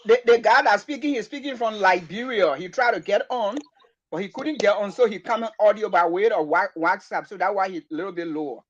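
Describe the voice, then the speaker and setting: A man hosting an online talk show, with a fairly high voice. He calls out to his guests and often repeats words, and the call audio sounds muffled. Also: fairly quick.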